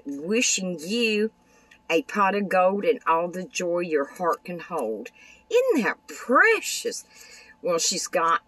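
A woman's voice: on the low side, fairly bright tone, dry recording, far from the mic, rough recording. An older woman, chatting casually in a craft vlog and gushing over the things she shows. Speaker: craft vlogger. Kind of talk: casual show-and-tell vlog.

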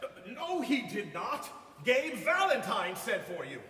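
An actor playing a bumbling, jolly police chief who runs a jail, on a live stage. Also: male voice, huge pitch swings, measured pace, pushed and bright, full character voice. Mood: jovial. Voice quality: bombastic, booming exclamations. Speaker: opera singer-actor in a staged comedy. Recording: roomy hall heard from far off with faint noise.

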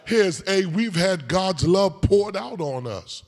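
An older man preaching a sermon, moving between quiet storytelling and shouted, sung call-and-response. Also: sits high, measured pace, few pauses. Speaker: pastor. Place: large church sanctuary. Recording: long church-hall reverb.

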